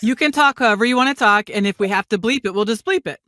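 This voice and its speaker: Quick-talking woman podcast host. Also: fairly high pitch, sharp tone. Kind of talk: casual interview.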